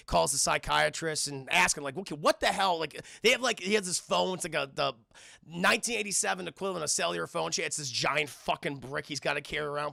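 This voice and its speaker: A man's voice: a little high, gravelly, sharp tone, no echo, studio quality. A man streaming live, recapping a film scene by scene in a rambling, profane way and talking to his chat. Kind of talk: casual livestream film recap.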